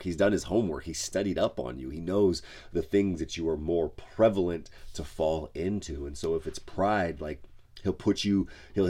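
A pastor talks through his faith in an easygoing podcast style, his voice sitting very low. He speaks in a loose, conversational way, padding his thoughts with "like" and "you know." The feel is of a man chatting rather than preaching from a pulpit. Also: a little mellow. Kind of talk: casual devotional podcast talk.

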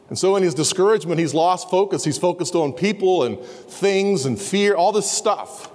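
A man's voice: lively intonation, normal speed, few pauses. Man preaching in a reverberant hall. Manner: earnest, drops to a soft low voice for quiet passages. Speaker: pastor. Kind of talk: sermon. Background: students in a campus service.

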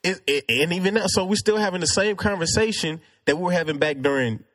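A man's voice: sits high, fast talker, fairly bright tone. A man in a casual debate, talking earnestly and arguing his point with many restarts. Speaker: discussion participant.

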